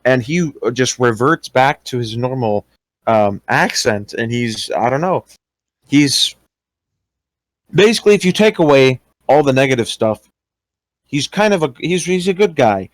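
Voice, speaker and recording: A young man talks in a casual, halting way, often pausing on fillers and restarting sentences. His voice sits at an ordinary middle pitch. The sound is close and dry, with no room echo. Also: animated. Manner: hesitant, many fillers and restarts. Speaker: interviewee recounting experiences. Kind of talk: casual voice-call talk.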